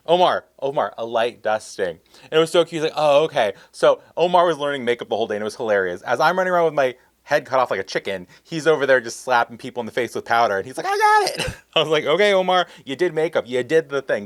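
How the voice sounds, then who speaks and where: Animated man telling a story. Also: medium pitch, no echo, clean studio sound. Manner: animated, acts out quotes. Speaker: storyteller vlogger. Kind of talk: casual storytelling.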